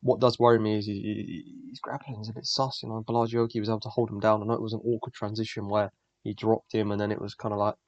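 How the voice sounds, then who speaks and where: A man's voice: lowish voice, little pitch movement, fast talker, no room sound. A young man, the host, giving blunt, profane, rambling fight predictions in casual solo commentary. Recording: dull lo-fi dry recording.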